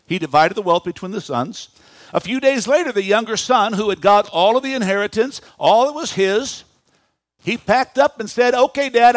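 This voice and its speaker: A man in his fifties preaching a sermon in a church, animated, asking the congregation questions. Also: sits high, no room sound. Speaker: pastor.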